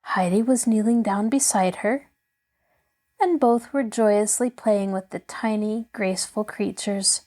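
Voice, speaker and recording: A woman host reading a classic children's novel aloud in an expressive storytelling voice. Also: mid-range voice, measured pace.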